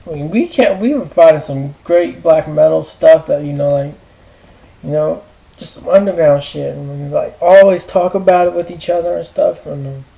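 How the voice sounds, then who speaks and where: A man ranting to camera in a rambling, profane way, halting with fillers and restarts. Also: fairly high pitch, creaky, warm tone, poor audio. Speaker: vlogger. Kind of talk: rambling personal rant.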